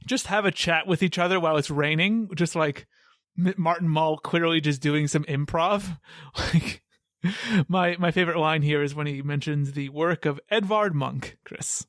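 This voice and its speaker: A man's voice: on the high side, moderate pace, a bit bright, no echo. Man joking on a podcast, dry sound. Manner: joking, laughs often. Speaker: podcast host. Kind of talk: casual podcast chat.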